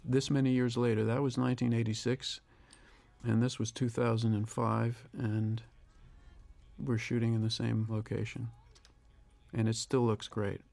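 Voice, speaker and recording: Older guy doing a director's commentary, flat even voice w/ some gravel, thoughtful and unhurried. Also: medium pitch, dry recording. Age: 60s. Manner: reflective, measured, with pauses and restarts. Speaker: film director. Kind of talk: audio commentary.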